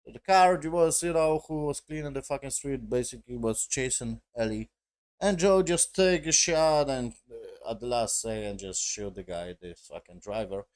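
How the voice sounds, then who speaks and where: A man talking through a show review in a loose, rambling way. He swears constantly and his sentences often break apart in broken grammar. His voice sits in an ordinary middle pitch. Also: moderate pace, a little mellow. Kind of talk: casual spoken review.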